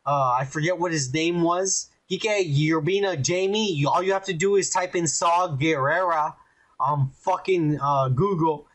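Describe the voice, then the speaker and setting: A fairly high-voiced man talks in loose, rambling podcast chat, swearing constantly and getting worked up as he goes. His delivery is excitable and profane throughout. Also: unhurried. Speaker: podcast co-host. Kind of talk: casual chat.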